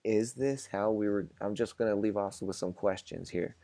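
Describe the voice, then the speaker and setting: Male vlog host, casual monologue, mellow dark tone, rhetorical questions. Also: fairly low pitch, normal speed, dry recording. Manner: musing, asks rhetorical questions.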